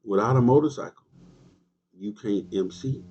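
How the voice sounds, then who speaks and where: Husky man lecturing bikers. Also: on the low side, normal speed, darkish tone. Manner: emphatic, repetitive, preachy; streetwise slang, talks back to commenters. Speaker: motorcycle club leader. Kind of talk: livestream monologue answering viewers. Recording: dull lo-fi stream audio.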